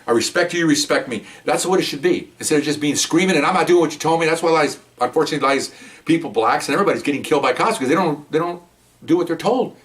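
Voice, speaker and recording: Older retired cop telling a story fast. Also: male voice, on the high side, recorded from a distance. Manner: animated, acts out the scene with gestures. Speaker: retired police officer.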